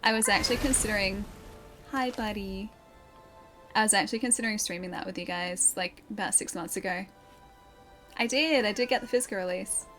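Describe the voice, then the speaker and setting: A woman's voice: medium pitch, a little fast, pauses often, a bit bright. A young woman streaming a game from home, chatting and laughing as she answers viewer chat. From Australia. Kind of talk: casual live-stream chat while playing. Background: game music clearly audible.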